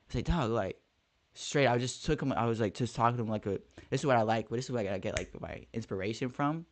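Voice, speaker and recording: A man's voice: mid-range voice, quick pace, a little hiss or hum. A young man, a first-grade teacher, telling a story in casual podcast chat and dropping slang. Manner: animated storytelling with slang like "dog".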